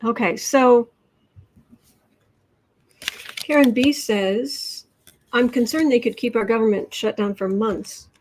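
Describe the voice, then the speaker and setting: A woman's voice: on the high side, darkish tone. Chatty woman hosting a tarot livestream. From Midwestern United States. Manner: chatty, quick asides, reads viewer comments aloud. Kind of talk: casual livestream chat reading cards and comments.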